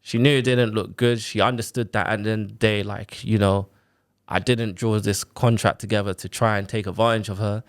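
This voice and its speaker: A man, telling his own story on a podcast in a casual, animated way, full of quoted back-and-forth and fillers like "like" and "innit". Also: on the low side, fairly quick. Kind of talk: casual chat, personal story.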